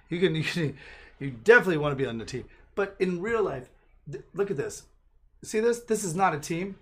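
A man hosts a podcast in loose, casual chat. He rambles and jokes in an animated way, and his voice sits fairly high for a man. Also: husky. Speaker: podcast host.

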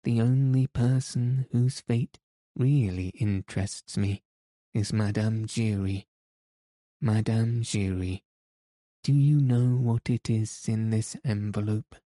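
A man voicing a blunt, stern male opera manager who speaks roughly and accuses. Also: lowish voice, fairly even intonation, takes it slowly, dark tone, no echo, studio quality.

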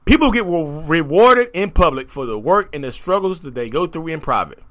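A man talking straight to his audience in an emphatic, rapid, repeating monologue about his own journey. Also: a little high. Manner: animated, emphatic, rapid, repetitive. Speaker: content creator talking about narcissism. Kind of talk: animated direct-to-camera monologue.

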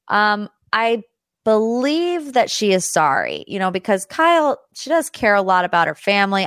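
A woman's voice: fairly low pitch, fairly bright tone, smooth, no room sound, studio quality. A young woman hosting a podcast, talking casually and chattily about pop culture news with plenty of asides. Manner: chatty and gossipy, with lots of asides and fillers. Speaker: podcast host.

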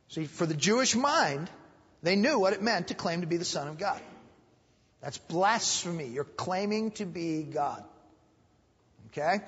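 A man's voice: high voice, a bit bright, husky. A man pastor teaching Sunday school in an emphatic preaching style, repeating phrases and raising his voice to stress points. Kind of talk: sermon. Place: church hall. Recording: dull recording with long hall reverb.

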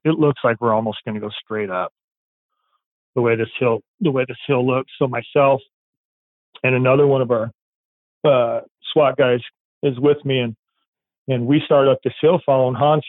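A police dog handler telling a story in a rambling, casual way, acting out quoted dialogue. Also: male voice, medium pitch, no echo. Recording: tinny phone-like line, dry.

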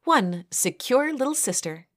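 A woman's voice: fairly high pitch, big pitch swings, a little slow, dry recording, clean studio sound, pitched above the performer's own voice. A woman voicing a taunting young sorority sister who teases and giggles, in an audio story. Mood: mocking. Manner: teasing, giggly.

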